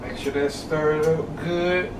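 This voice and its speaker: A man cooking in a home kitchen, calmly giving step-by-step instructions to his viewers. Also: a little high, slow. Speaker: home cook. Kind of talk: cooking demonstration. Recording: echoey room from a distance, noise.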